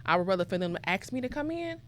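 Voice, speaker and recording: A young woman from Mississippi, telling her life story as a podcast guest in an animated way. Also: mid-range voice, rapid-fire, a little hiss or hum. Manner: animated, acts out quoted voices. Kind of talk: conversational storytelling.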